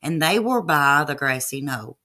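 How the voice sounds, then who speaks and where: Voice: mid-range voice, lively intonation, unhurried, pushed and bright. A livestream host giving loose, chatty commentary over archive clips, with fillers and asides to chat.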